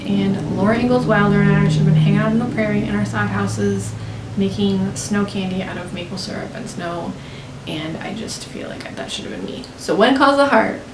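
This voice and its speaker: A young American woman chatting in a gushing, talkative way, full of "like", as a beauty vlogger. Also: medium pitch. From United States. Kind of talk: casual chat. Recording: roomy with faint hiss.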